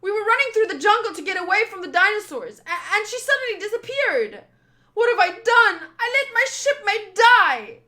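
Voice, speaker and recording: A woman's voice: extremely high pitch, big pitch swings, moderate pace, pushed and bright, pitched above the performer's own voice, full character voice. A woman voicing a cowardly young man from a comic, frantic and whiny. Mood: panicked. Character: cowardly panicky young man, lost and scared.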